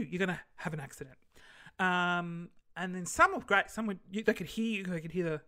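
Male podcast host, casual rambling solo chat, bright voice. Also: high voice. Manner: rambling, easily sidetracked.

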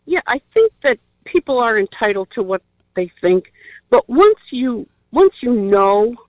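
An older woman calling in by phone, speaking haltingly with many pauses and fillers. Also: mid-range voice, no room sound. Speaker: caller. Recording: dull phone-line sound.

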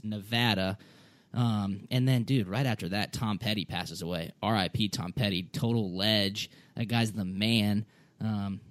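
A man's voice: on the low side, dry recording. Male sports podcast host, easygoing and chummy, dry close recording. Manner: laid-back, chummy, says "dude" and "man". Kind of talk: casual sports podcast chat.

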